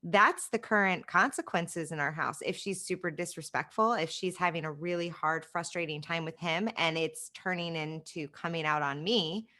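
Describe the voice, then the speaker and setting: A woman hosting a podcast chats frankly about home life, her delivery emphatic and full of "right?" checks. Her voice sits on the low side for a woman and rings with a bright, forceful edge. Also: normal speed, hardly any pauses. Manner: emphatic, frank, talks it through with many "right?" asides. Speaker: podcast host. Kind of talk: casual interview chat.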